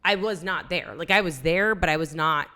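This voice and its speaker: Woman, young, casual podcast co-host, emotional storytelling, lots of "like", forceful bright tone. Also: lowish voice, normal speed. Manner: emotional storytelling, acts out quoted dialogue, many "like"s. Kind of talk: casual chat.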